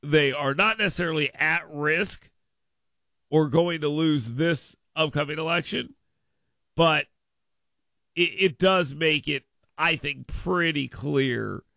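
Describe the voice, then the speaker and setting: Animated gravelly male radio host. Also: on the high side, dry recording, clean studio sound. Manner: animated, acts out mocking quotes in a raised voice. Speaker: radio talk show host. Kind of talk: political talk radio monologue. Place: radio studio.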